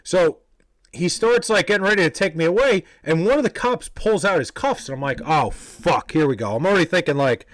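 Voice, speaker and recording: A young man from New York casually telling a story, animated, profane and self-deprecating. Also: high-pitched, brisk, no echo, rough recording. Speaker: vlogger telling a personal story.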